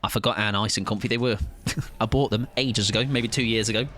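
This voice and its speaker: A man's voice: lowish voice, steady tone, brisk, fairly bright tone. A man chatting casually on a live game stream, joking and rambling with plenty of self-mockery. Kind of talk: live gaming stream chat.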